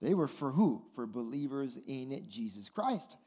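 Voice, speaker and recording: A man preaching a sermon, animated and conversational, often putting questions to his listeners. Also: mid-range voice, a little slow, husky, in a large hall. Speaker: pastor.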